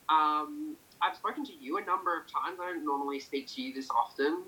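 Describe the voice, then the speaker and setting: A man being interviewed, talking in a relaxed, rambling way with many fillers. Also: fairly high pitch, fairly quick, few pauses, low-quality recording. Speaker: interview guest. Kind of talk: casual conversation.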